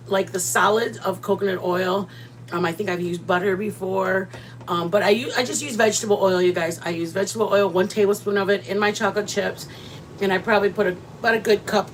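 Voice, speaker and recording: A woman's voice: medium pitch, slight background noise. A woman, chatting casually with her viewers as she hosts a cooking livestream, rambling from one thought to the next. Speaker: livestream host.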